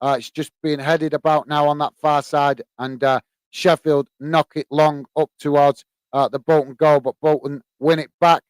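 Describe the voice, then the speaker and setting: A man's voice: on the high side, little pitch movement, normal speed, clear, resonant tone, dry recording. A man hosting a live football watch-along stream, chatting to viewers and giving loose play-by-play commentary with many fillers. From England. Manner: chatty, many fillers, bursts into shouts at goals. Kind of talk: live match commentary and chat.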